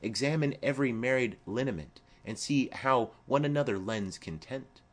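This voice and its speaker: A man's voice: medium pitch, expressive, close to an everyday voice. A man reading the part of a stately noblewoman speaking formally to her daughter in an audiobook of a play. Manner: formal, measured.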